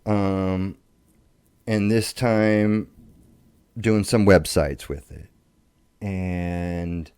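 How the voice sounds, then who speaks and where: A middle-aged man telling his life story in casual talk, profane and rambling, with halting restarts. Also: sits low, steady tone, darkish tone, smooth, no room sound.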